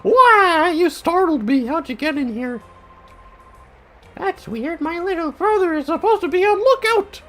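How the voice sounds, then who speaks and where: A man voicing an excitable young girl from a video game, squeaky and jumpy, reading her lines while playing. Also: a little slow, faint music behind, heavily acted. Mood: startled. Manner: squeaky, startled.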